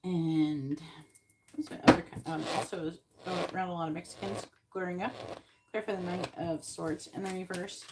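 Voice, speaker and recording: A woman's voice: fairly low pitch, fairly even intonation, normal speed, very noisy. A woman from Florida giving a live-stream tarot reading, chatting and thinking aloud between card pulls. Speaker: psychic reader.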